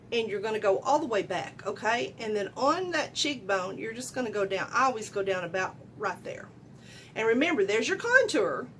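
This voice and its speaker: A middle-aged woman walks viewers through her makeup in a chatty, folksy way. Her voice sits a little high and she talks loudly, checking in with "okay?" and "right?" as she goes. A faint rumble hums behind her at home. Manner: chatty, loud and folksy, asks viewers questions. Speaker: beauty vlogger. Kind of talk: casual makeup tutorial.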